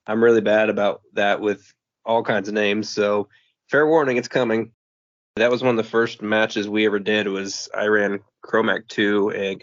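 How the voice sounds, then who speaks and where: An easygoing man chatting on a gaming podcast in a low, flat, steady voice. He talks in a matter-of-fact way. The sound is muffled and dry. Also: no echo. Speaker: podcast co-host. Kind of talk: casual chat about tabletop gaming.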